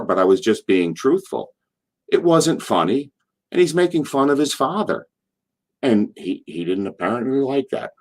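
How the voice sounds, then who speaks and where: Older man, former wrestler, interview guest, lively swooping pitch, rambling storyteller. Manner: rambling, acts out quotes in voices. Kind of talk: animated storytelling.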